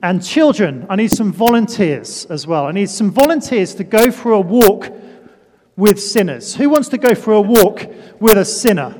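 A man's voice: sits high, lively intonation, moderate pace, darkish tone. A man preaching a sermon with a children's demonstration in a church hall. He talks playfully, pokes fun at himself and calls up volunteers.

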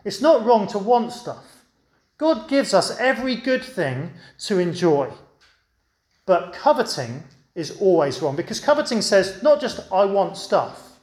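A man's voice: sits high, big pitch swings, a little slow, darkish tone, reverberant. A man preaching a children's talk, telling a story and asking the audience questions.

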